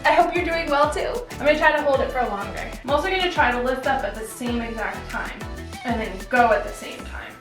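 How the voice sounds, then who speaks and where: A woman's voice: sits high, brisk. A woman fitness vlogger talking casually while straining through an exercise she demonstrates. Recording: echoey room with music behind.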